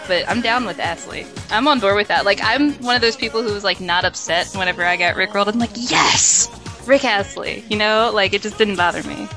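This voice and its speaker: A woman's voice: mid-range voice, fast talker, few pauses, music in the background, poor audio. A woman giving an enthusiastic, gushing interview answer. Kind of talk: casual street interview answer.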